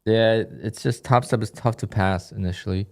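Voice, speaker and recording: Laid-back low-voiced trading streamer. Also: male voice, normal speed. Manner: relaxed, reads chat questions aloud and answers offhand. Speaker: day-trading livestream host. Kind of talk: casual live-stream commentary.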